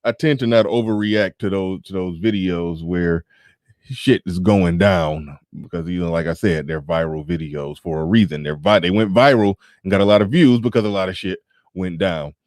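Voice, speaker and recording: A man's voice: low voice, moderate pace, a little mellow, no room sound, studio quality. A man hosting a casual livestream, talking bluntly and profanely with laughs and sarcastic asides while reading viewer super chats. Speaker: livestream show host.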